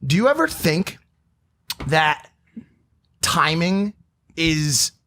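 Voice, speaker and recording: A man co-hosting a podcast, chiming in with quick quips and jokes in casual chat. His voice sits a bit high for a man. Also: big pitch swings, bright, forceful tone. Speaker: podcast co-host.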